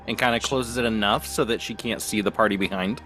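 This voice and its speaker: A man playing in a tabletop game, talking casually and low-key. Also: fairly quick, sharp tone, soft background music. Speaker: player.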